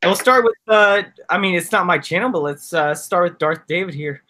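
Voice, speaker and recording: A man's voice: sits high, normal speed, bright, forceful tone, a little hiss or hum. A man on a casual online panel, speaking earnestly and at length. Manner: earnest, heartfelt, rambling. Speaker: panel guest.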